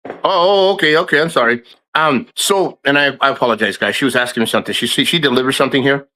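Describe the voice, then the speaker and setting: A man's voice: mid-range voice, fast talker, sharp tone, a little hiss or hum. A man hosting a livestream, ranting in a rambling, profane way with lots of restarts. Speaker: livestream host. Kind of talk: casual livestream rant.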